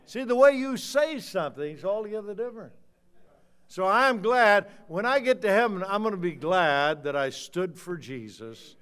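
An older man preaches with fire, his high, clear voice dropping to a low mutter and then rising to shouts. He leans on key words and stretches them out, pressing his point hard. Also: lively intonation, moderate pace. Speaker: pastor. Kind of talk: fiery sermon.

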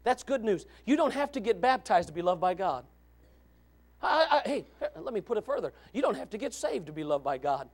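A male pastor with a high, gravelly voice that leaps up and down in pitch. He swings between quiet, conversational asides and loud, shouted declarations, and he reads scripture aloud in old-fashioned wording. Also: very animated, fairly quick. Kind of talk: fiery sermon.

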